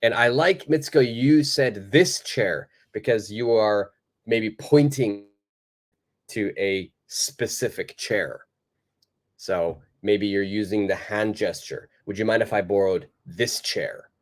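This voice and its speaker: A man teaching a live online English lesson, patiently repeating example sentences in a clear, careful way. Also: lowish voice, takes it slowly.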